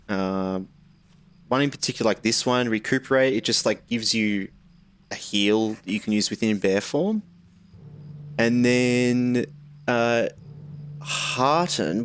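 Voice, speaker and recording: A young man chatting casually while streaming a game, rambling and answering chat. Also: lowish voice.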